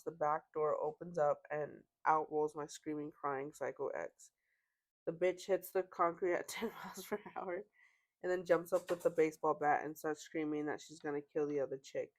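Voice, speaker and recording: A woman hosting a podcast, casually reading out online stories and chatting about them, with fillers. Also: low-pitched. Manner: conversational, reads posts aloud with laughs and fillers. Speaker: podcast host.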